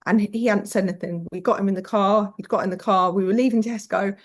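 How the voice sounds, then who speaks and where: A woman's voice: medium pitch, fairly even intonation, quick pace. A British woman guest telling parenting stories frankly, swearing casually and acting out quoted voices. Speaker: podcast guest. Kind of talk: candid conversational storytelling.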